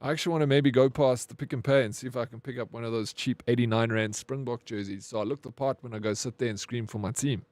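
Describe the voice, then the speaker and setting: A man's voice: mid-range voice, fairly even intonation, fast, hardly any pauses, a little mellow, no room sound. A man, streaming and chatting casually with viewers, rambling with lots of "bro" and casual swearing. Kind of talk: casual stream chat, reading chat aloud.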